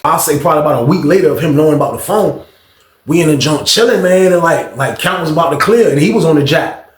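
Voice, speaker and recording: Slangy guy telling a story, kinda high voice, lots of y'all and you know what i mean, echoey room. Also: quick pace. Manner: animated, slangy, addresses listeners directly. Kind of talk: casual storytelling. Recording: roomy echo.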